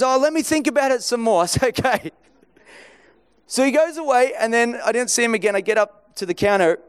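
A man with a fairly high voice delivers a sermon in a conversational storytelling way. He acts out the dialogue from his anecdotes, his pitch rising and dropping as he switches between the people in the story. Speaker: preacher.

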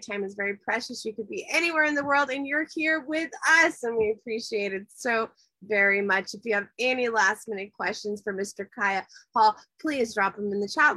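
A woman's voice: a little high, sharp tone, dry recording, poor audio. A woman hosting a casual chat show, upbeat and gushing, with casual swearing. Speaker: show host.

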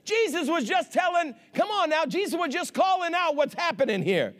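A man preaching a sermon with fervor, swinging between shouts and hushed asides and calling on the congregation for amens. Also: extremely high pitch, big pitch swings, moderate pace. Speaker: pastor.

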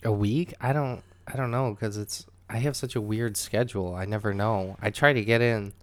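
A young comedian co-hosting a podcast, asking pointed questions and giving opinions in casual chat. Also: male voice, lowish voice, steady tone, moderate pace.

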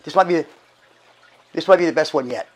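A middle-aged man gives casual church announcements as archbishop, hoarse and short of breath, chatty and folksy with halting restarts. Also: a little high, a little hiss or hum, low-quality recording. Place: church sanctuary.

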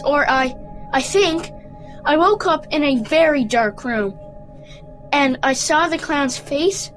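Lady reading a story out loud, slow, high voice, music playing behind. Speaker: story reader. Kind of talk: reading a short story aloud.

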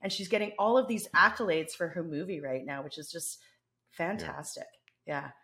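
A woman's voice: lowish voice, moderate pace, bright, forceful tone. A woman with a Canadian accent co-hosting a podcast in casual, teasing chat. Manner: teasing, chatty, many fillers. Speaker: co-host.

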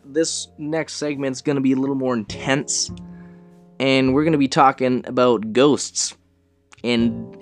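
A young man hosting a casual podcast, rambling and swearing as he tells stories with bursts of laughter. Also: mid-range voice. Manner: rambling, profane, laughing storyteller. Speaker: podcast host.

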